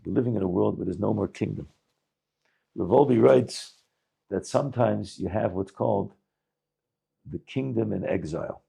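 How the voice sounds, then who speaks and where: Deep-voiced and husky with vocal fry, a male rabbi tells a story during a talk, speaking lively English laced with Yiddish and often starting over.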